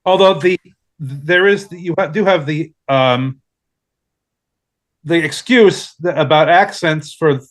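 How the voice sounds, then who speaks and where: A man's voice: a little high, slow pace, pauses often, fairly bright tone. A man on a casual discussion panel, rambling and hesitant with many fillers.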